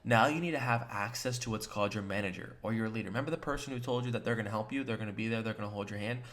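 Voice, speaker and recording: A man's voice: fairly low pitch, racing, fairly bright tone. A man giving a motivational coaching talk to new sales agents. He speaks in an emphatic, direct way, addresses the listener straight on, and acts out short quoted lines with shifts in tone. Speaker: sales trainer and agency co-founder.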